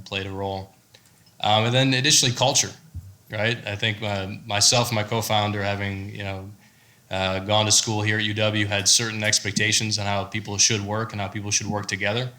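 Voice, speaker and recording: An American man, a startup founder on a panel, giving a measured, explanatory answer. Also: on the low side. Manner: measured, explanatory, steady delivery.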